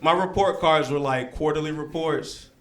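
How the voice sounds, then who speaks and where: A man's voice: on the high side, moderate pace. A man performing a stand-up set in a lounge, telling stories with lots of check-ins to the crowd. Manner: animated storytelling with frequent check-ins to the crowd. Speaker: stand-up comedian. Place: comedy lounge with live audience. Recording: echoey club, faint room noise.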